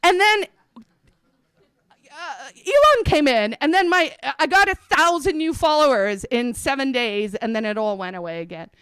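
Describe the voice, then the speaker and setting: A woman's voice: high voice, expressive, moderate pace, fairly bright tone, no echo. A middle-aged woman with a South African accent giving a chatty, self-mocking conference talk, telling stories about her slides. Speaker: conference speaker. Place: conference hall stage.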